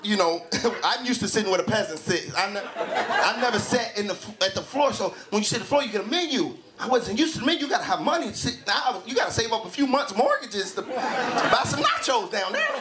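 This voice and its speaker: A man performing a stand-up comedy set, telling an animated story and acting out both sides of a conversation. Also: high voice, quick pace, heavy background noise. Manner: animated storytelling, acts out dialogue. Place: comedy club stage. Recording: live club set with loud crowd laughter. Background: audience laughing loudly.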